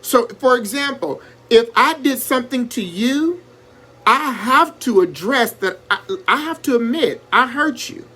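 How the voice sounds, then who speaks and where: A man hosting a live stream, talking in an animated, preacherly way and greeting viewers by name as he gives advice. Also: very high-pitched, measured pace. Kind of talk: casual motivational live-stream talk.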